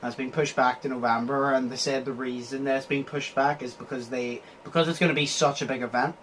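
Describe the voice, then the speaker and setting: A man's voice: medium pitch, steady tone, fairly quick, a bit bright, a little hiss or hum, rough recording. A man hosting a casual podcast, rambling through stories and swearing often. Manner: rambling, swears a lot, acts out quotes. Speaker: podcast host.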